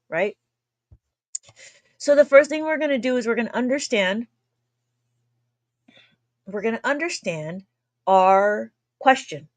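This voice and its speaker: Woman, livestream abacus tutor, slightly high voice, chatty and quick to laugh. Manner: chatty, laughs often, talks fast, tries to slow down. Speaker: abacus math teacher. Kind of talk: livestream math lesson.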